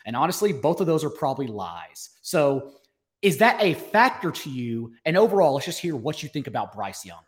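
A young man hosting a sports podcast, chatting casually and upbeat, sometimes rushing through lines. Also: fairly high pitch, big pitch swings. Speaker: podcast host.

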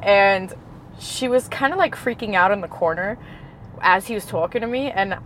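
A woman from Queens, New York, chatting as a guest, an animated storyteller who acts out the dialogue in her stories and laughs often. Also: medium pitch, moderate pace, a little hiss or hum, low-quality recording. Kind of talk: casual chat. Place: in a car.

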